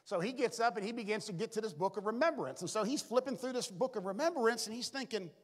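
Male preacher, high voice, storytelling sermon, voice ringing in a reverberant sanctuary. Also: expressive, quick pace, breathy edge. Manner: storytelling preacher who acts out the characters' lines; repeats "all of a sudden" and "be able to". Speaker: pastor. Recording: long reverb from a large hall.

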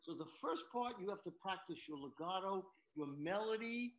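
In this masterclass, a New York piano teacher demonstrates emphasis by singing passages on "da" syllables for his student. His high-sitting voice is expressive and moderately paced, but the audio quality is poor.

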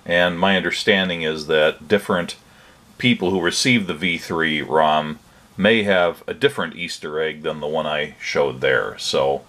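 The narrator of this electronics-hobby demo is an older man with a rumbling low voice, talking in a relaxed, plain manner broken by hesitant pauses.

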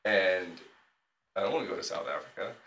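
A young man co-hosting a podcast in casual chat, animated and quick to laugh, often repeating his words. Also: low-pitched, echoey room, a little hiss or hum, low-quality recording. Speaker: podcast co-host.

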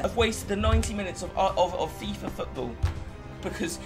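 A young man commenting on his own football video game match, moving from quiet mutters to furious, swearing shouts. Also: sits high, brisk, soft background music. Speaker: gaming YouTuber. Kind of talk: live gameplay commentary.

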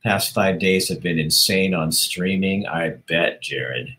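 A man's voice: deep voice, takes it slowly, pushed and bright, rough recording. A man hosting a livestream, casually chatting and reading viewer comments aloud with a rambling, laughing manner. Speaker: livestream host.

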